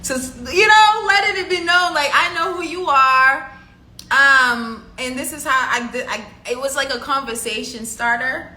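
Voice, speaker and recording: A chatty woman with a bright, slightly high voice spins a casual story for her viewers, slipping into the voices of the people she quotes. Her sound rings around a lively, echoey room. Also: a little slow. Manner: animated, chatty, full of fillers, acts out quotes. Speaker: vlogger telling a story.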